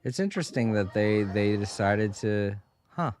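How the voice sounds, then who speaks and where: A man's voice: on the low side, animated, normal speed, a little mellow. A man from the northern United States chatting casually as he plays a video game on stream, laughing to himself and easily surprised. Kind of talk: casual gameplay commentary.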